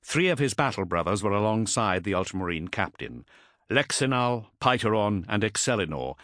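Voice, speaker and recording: A man narrating an audiobook in an expressive, dramatic storytelling manner. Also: lowish voice, no room sound, studio quality.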